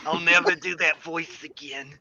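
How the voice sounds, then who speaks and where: Giggly, high-voiced man with fry. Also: fairly even intonation, normal speed, muffled recording, a crowd in the background. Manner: giggly, teasing. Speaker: player. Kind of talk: casual chat at a tabletop game.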